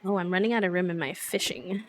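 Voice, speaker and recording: A woman's voice: on the low side, steady tone, fast, a little hiss or hum. Woman game streamer; casual, chatty play-along commentary with frequent laughs. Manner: chatty, laughs often, thanks followers.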